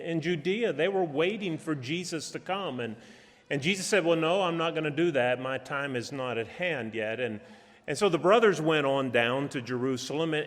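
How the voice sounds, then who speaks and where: A man preaching a sermon in a church, talking in a conversational way with frequent restarts and fillers. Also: mid-range voice. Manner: conversational, halting with many restarts. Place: church auditorium. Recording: long reverb of a church hall.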